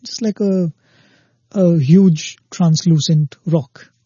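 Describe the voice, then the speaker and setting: Husky dark-voiced man telling a parable. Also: a little high, dry recording. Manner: unhurried, tells a parable acting out quoted lines. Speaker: spiritual speaker. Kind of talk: spiritual discourse with storytelling. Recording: dull lo-fi dry recording.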